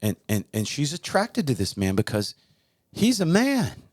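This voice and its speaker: A man's voice: mid-range voice, wildly swooping pitch, measured pace. A man hosting a talk show, preaching in a heated, emphatic and repetitive way. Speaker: podcast host.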